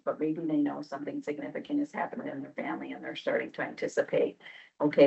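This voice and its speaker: A woman presents figures to a public board, explaining patiently and dotting her sentences with "um." Her voice has a gravelly fry at the edges. It sounds like a dull, lo-fi meeting-room recording. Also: sits low, darkish tone. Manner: explanatory, frequent "um" fillers. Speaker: county program presenter.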